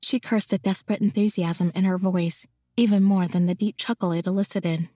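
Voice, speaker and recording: A woman reading a romance novel aloud in an even, intimate storytelling voice. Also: lowish voice, normal speed, no echo, studio quality. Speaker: audiobook narrator. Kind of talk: scripted narration of a romance novel.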